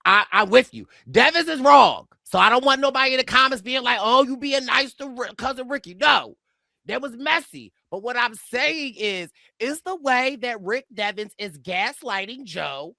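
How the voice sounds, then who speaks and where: Excitable, gravelly-edged male podcast co-host. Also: extremely high pitch, normal speed, dry recording, clean studio sound. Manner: excitable, laughs often, jumps into quoted voices. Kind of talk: casual TV recap chat.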